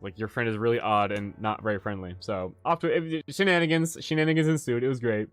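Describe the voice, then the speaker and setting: A man's voice: mid-range voice, fast talker, fairly bright tone, clear, resonant tone, dry recording. A man hosting a casual livestream as a game master, rambling and swearing with many restarts. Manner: rambling, profane, frequent restarts.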